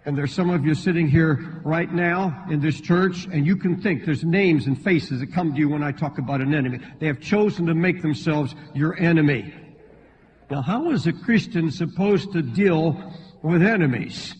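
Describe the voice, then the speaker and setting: A man preaching a sermon to a church congregation, his voice leaping up in pitch and volume when he acts out pleading believers. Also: normal speed, darkish tone, a little hiss or hum. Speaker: pastor. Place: church sanctuary. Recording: dull lo-fi sermon recording in a large reverberant hall.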